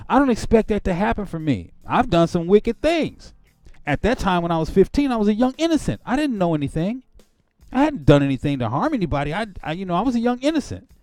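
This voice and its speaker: Male preacher with a high voice, passionate and emotional, swinging from hushed to heated, dry close sound. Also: dry recording. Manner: emotional, swings from quiet reflection to angry outbursts. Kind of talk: impassioned sermon-like testimony.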